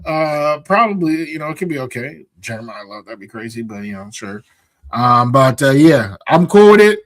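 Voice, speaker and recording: A man's voice: mid-range voice, moderate pace, fairly bright tone, no room sound. A man in his thirties co-hosting a casual sports talk show, easygoing and upbeat. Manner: easygoing, upbeat, many fillers. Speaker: podcast co-host.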